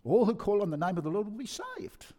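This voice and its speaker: A man with a Birmingham accent preaches in a high, lively voice that swings widely up and down. He drives his points home with emphatic repetition and quick restarts. His words ring out with the long reverb of a large hall. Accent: Birmingham English. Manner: animated, emphatic, with frequent repeated-word restarts. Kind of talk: sermon.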